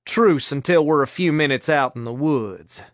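A man's voice: fairly high pitch, moderate pace, no echo, clean studio sound, lightly acted. A man voicing a cocky young man who teases smugly. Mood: calm. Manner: smug and teasing.

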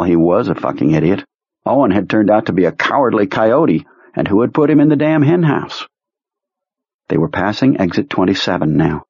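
A male narrator reads a novel aloud in a measured, dramatic way. His low, husky voice is close and dry. The recording sounds muffled and lo-fi. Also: darkish tone, dry recording. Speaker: audiobook narrator. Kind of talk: scripted narration.

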